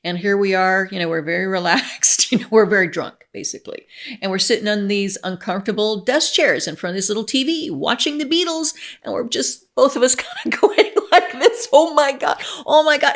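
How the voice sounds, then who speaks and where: A middle-aged woman vlogging in a gushing, excitable way, laughing often and restarting her sentences. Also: medium pitch. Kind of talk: casual chat to camera.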